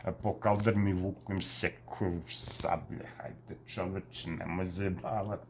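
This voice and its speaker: A man's voice: low voice, little pitch movement, measured pace, vocal fry, noisy background. A man putting on a Belgrade Serbian accent to play a cocky young guy telling a slangy street story. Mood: swaggering.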